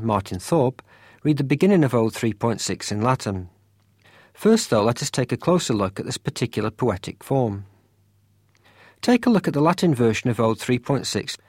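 A man giving scripted educational narration as a course lecturer, with a measured and clear explanatory delivery. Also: mid-range voice, darkish tone, no room sound, studio quality.

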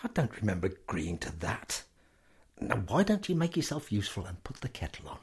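A man's voice: on the low side, huge pitch swings, brisk, slightly rough, full character voice. A man playing a sarcastic grumpy husband. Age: middle-aged. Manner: sarcastic, irritable.

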